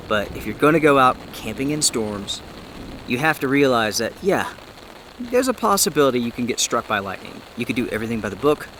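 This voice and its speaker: A man talking to his viewers in a casual outdoor vlog, out of breath, sheltering under a tarp in a forest. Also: mid-range voice. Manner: chatty, upbeat, addresses viewers directly. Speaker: outdoor vlogger. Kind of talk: casual camping vlog to camera. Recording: loud rain noise outdoors. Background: heavy rain.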